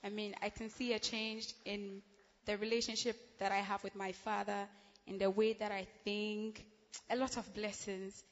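A woman's voice: medium pitch, little pitch movement, moderate pace. Giggly young woman testifying. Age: young adult. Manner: chatty, giggly, with many fillers. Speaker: church member giving testimony. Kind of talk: emotional spoken testimony. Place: large church hall. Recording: reverberant hall, dull sound.

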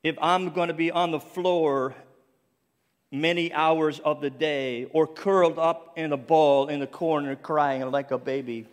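Here the same Cape Breton Island preacher, a middle-aged Canadian ministry speaker, talks at a measured pace with a steady tone in a voice on the high side. His earnest, personal sermon sounds faintly French after a stroke and includes some restarts. The church sanctuary gives the audio a long, large-church reverb.

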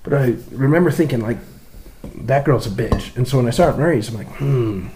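A man's voice: medium pitch, a little fast, noisy background. A man telling crude, profane stories in a casual podcast chat. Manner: crude, profane, animated storyteller. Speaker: podcast co-host.

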